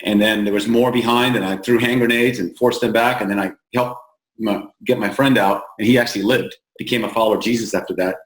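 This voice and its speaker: A man from the United States, an interview guest, telling stories plainly and earnestly with halting restarts, slowing down to stress points. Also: fairly low pitch, fairly even intonation. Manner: plain-spoken, halting restarts, slows for emphasis. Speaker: founder of an aid group, interview guest. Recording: roomy echo.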